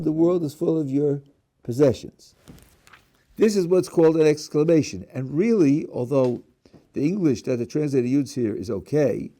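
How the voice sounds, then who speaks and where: Male rabbi lecturing, lively pitch, warm mellow tone, restarts words, asks students questions. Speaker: rabbi teaching a class. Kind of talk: lecture on prayer.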